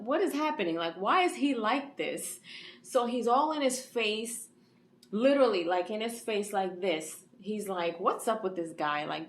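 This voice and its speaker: A woman's voice: lowish voice, slight background noise. A woman giving a casual episode recap as an anime reviewer, retelling scenes in a chatty way full of fillers. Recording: echoey room.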